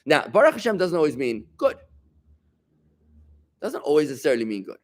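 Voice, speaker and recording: Animated rabbi teaching a lively class. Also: male voice, a little high, a little fast. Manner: animated, emphatic, conversational, bantering with listeners. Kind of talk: informal Torah class.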